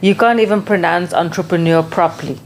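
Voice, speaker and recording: A woman's voice: on the low side, fairly quick, slight background noise. A woman co-hosting a podcast, mostly agreeing with short murmurs and adding brief remarks. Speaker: podcast co-host. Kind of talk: casual podcast chat.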